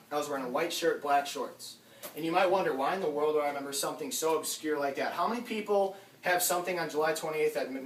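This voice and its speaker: A young college-age man giving an energetic recruiting pitch to a small group at a house, talking straight to the audience. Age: young adult. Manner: energetic, addresses crowd directly, acts out quoted dialogue. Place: house basement room. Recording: echoey room from far off, faint noise.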